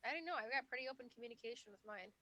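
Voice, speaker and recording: A woman playing a tabletop game, talking in a lively, joking way. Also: on the high side, rapid-fire, no room sound. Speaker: player.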